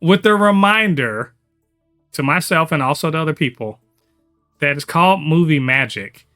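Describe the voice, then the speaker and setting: A man's voice: fairly high pitch, lively intonation, normal speed, sharp tone, soft background music. A man hosting a casual podcast chat, talking enthusiastically and rambling with lots of fillers. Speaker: podcast host.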